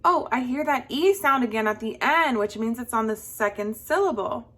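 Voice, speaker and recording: A woman's voice: a little high, expressive, moderate pace, fairly bright tone. A young woman teaching a lesson to young children, drawing out words in a sing-song voice for them to echo. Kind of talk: slow, patient classroom lesson for young children.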